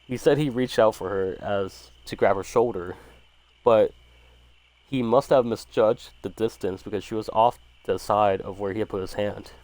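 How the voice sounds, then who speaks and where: A man's voice: fairly low pitch, moderate pace, a little mellow, no room sound. A man casually reading a horror story aloud, swearing freely and stumbling over words now and then. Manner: casual, profanity-laced, stumbles and restarts.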